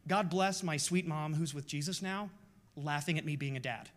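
A man's voice: on the high side, moderate pace. A pastor in his forties preaching a sermon in a passionate, confessional, emphatic way.

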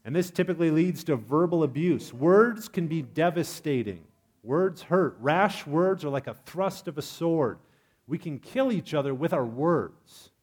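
Humorous male pastor, slightly higher voice. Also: measured pace, slightly rough. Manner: lively, humorous preaching with audience questions. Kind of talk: sermon.

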